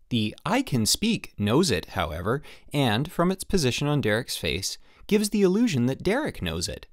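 A man narrating an audiobook in the first person as a letter, with an emphatic, animated delivery. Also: medium pitch, no room sound, studio quality. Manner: animated, emphatic on the product name. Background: faint background music.

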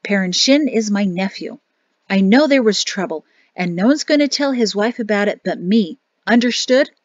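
A woman's voice: medium pitch, expressive, normal speed, no echo, close to an everyday voice. A woman reading a firm, commanding older male rector protecting his family. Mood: stern. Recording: dull dry home recording.

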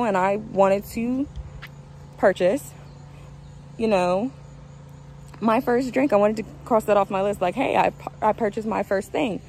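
A woman of twenty-one telling a story in a casual, animated way in a vlog. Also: medium pitch, a little hiss or hum, rough recording. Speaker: vlogger.

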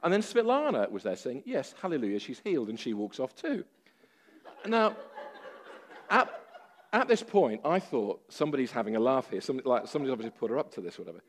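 A man preaching a sermon, telling a story with lively, self-deprecating humor and many fillers. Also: medium pitch, fairly quick.

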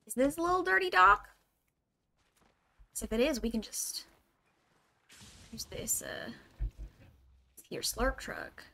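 While playing a game live, a young woman streamer talks casually and thinks out loud, using lots of "like" and "um." She takes it slowly, with long pauses, and her high voice is animated, creaky and sharp in tone.

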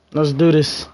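A man's voice: a little high, warm tone. A young man giving frustrated live gameplay commentary, scolding his teammates in heavy slang. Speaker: gamer.

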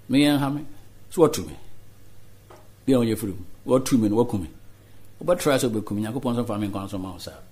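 A Ghanaian politician giving earnest interview answers, mixing Twi and English. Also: male voice, medium pitch, darkish tone.

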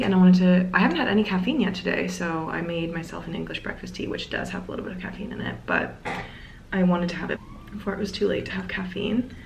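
A woman's voice: on the low side, vocal fry, darkish tone, highs cut off, a little hiss or hum. A young woman chatting casually through a day-in-the-life vlog at home, rambling and trailing off into little asides. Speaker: vlogger. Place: at home in her apartment. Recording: roomy home recording.

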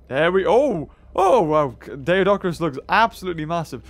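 A man hosting a let's-play, rambling excitably as he thinks aloud and corrects himself. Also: fairly high pitch, normal speed, few pauses. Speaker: gaming channel host. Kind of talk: let's-play game commentary.

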